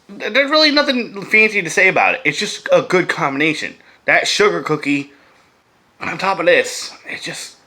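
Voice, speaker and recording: A man casually chatting to camera as a vlogger, loose, profane and enthusiastic, often dropping to a hush. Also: sits high, lively intonation, normal speed. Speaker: vlogger reviewing beer and vape pairings.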